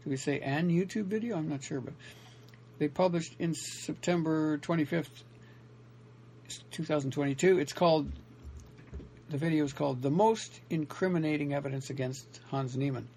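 Warm in tone and fairly high in pitch, a man speaks at normal speed over a little hiss or hum. He's an independent writer and vlogger talking alone to camera, wandering off track, correcting himself, and restarting sentences with lots of fillers.

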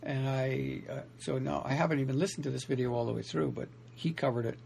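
A man's voice: mid-range voice, fairly even intonation, quick pace, creaky, darkish tone, slight background noise. A man talking alone to his audience in a meandering way, correcting himself often and restarting his sentences. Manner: meandering, self-correcting, many restarts and fillers. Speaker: independent writer and vlogger. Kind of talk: rambling solo talk to camera.

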